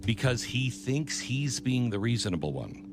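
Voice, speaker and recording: A man's voice: mid-range voice, big pitch swings, normal speed. A man hosting an opinion show, commenting on a video clip in a heated, preachy way. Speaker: host.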